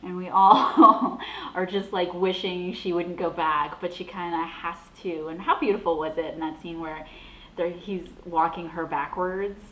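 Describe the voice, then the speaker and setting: Woman host from the Boston area, young adult, casual chat, chatty and gushing, slightly low voice, echoey room. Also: a little slow, a little hiss or hum. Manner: chatty, gushing, animated with laughs. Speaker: vlog host.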